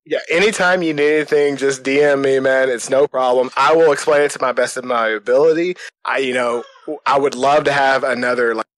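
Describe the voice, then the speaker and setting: A man in his thirties talks on a podcast call at a middle pitch. The sound is dry and close, and his talk is chatty and explanatory. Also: fairly even intonation, brisk, no room sound. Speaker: caller. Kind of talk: casual chat on a call. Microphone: call recording.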